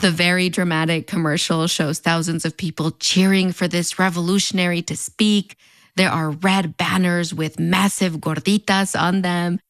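A woman with a fronterizo border accent narrates a scripted video essay, her voice on the lower side for a woman. She keeps things wry and conversational, slipping in playful sarcastic asides. Faint music plays quietly underneath. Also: flat delivery, moderate pace. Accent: fronterizo Mexican border Spanish-influenced English.

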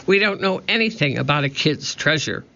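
A man voicing a bold, chatty young girl who speaks quickly and eagerly in an audiobook. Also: fairly high pitch, expressive, vocal fry, sharp tone, exaggerated voice. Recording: dull lo-fi recording.

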